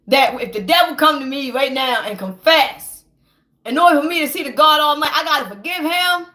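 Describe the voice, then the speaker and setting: A woman's voice: sits high, lively intonation, fairly quick, sharp tone. A woman in an impassioned, profane rant, heated and preachy, stammering when she gets worked up. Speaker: vlogger.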